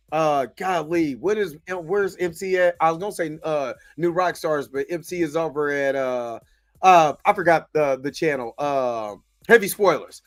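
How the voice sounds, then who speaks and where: A man hosts a casual recap show, rambling from point to point and checking in with listeners. His voice sits fairly high and gets animated as he warms up. The sound is dry and close. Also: no echo. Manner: rambling, conversational, repeats "you know what I mean"; animated, rises in pitch when worked up. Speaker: host reviewing a TV episode.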